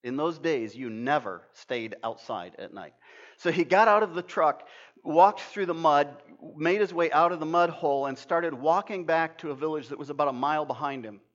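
Older male preacher, higher pitch, earnest and emphatic storytelling, muffled lo-fi recording. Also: expressive, normal speed, fairly bright tone. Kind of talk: sermon with storytelling. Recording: dull lo-fi sound.

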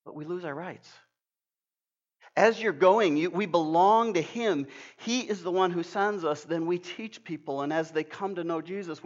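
An older man preaching a sermon, earnest and emphatic, telling stories with frequent restarts. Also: a little high. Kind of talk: sermon with storytelling. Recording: dull lo-fi sound.

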